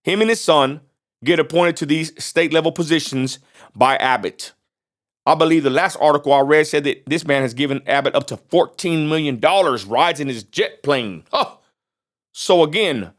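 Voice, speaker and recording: A man from Texas, delivering a confrontational vlog rant that repeats its points and fires off rhetorical questions. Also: mid-range voice. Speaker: vlogger. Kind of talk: confrontational direct-to-camera rant.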